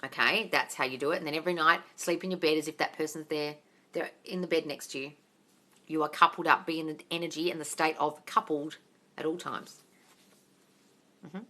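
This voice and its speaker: Woman, livestream coach, bright and forward voice, blunt and sweary, calls everyone darling, phone mic. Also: low voice, steady tone, brisk. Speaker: manifesting coach answering viewer questions.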